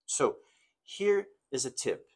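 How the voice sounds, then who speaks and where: A man teaching an English grammar lesson, explaining slowly and reading example sentences with exaggerated intonation. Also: medium pitch, big pitch swings, darkish tone, husky.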